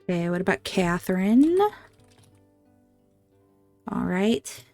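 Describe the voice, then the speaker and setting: A woman's voice: on the low side, unhurried, no room sound, clean studio sound, soft background music. A woman giving casual gameplay commentary, reacting emotionally and talking aloud to the characters on screen. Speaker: gameplay video host.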